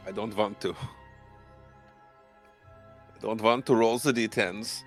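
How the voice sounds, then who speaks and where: A man's voice: lowish voice, slow, pauses often, faint music behind. A man playing in a tabletop horror game, chatting casually and joking with the group. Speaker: player.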